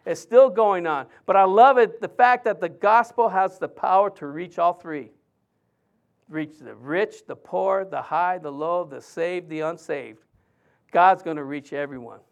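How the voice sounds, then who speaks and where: A man's voice: high-pitched, unhurried, creaky, muffled recording. A man, a pastor, preaching a sermon in church in a conversational way with frequent restarts.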